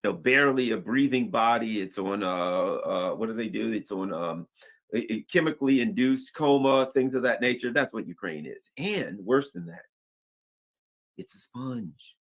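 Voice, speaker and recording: A man hosts casual political commentary, rambling through asides and briefly acting out the people he quotes in an animated way. His voice is on the low side and his pace moderate.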